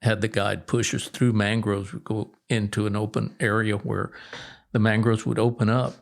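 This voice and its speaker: A middle-aged man, a guest angler, telling fishing stories in a relaxed, rambling way with restarts. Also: fairly low pitch, moderate pace, vocal fry. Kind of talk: casual storytelling.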